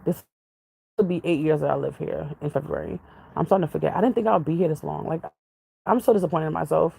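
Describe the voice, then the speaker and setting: Woman vlogger, gravelly fry in her voice, dry close sound, chatty and rambling. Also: low voice, expressive, quick pace, dark tone, dry recording, poor audio. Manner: jumps from topic to topic, chatty, laughs often. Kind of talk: casual rambling chat to viewers.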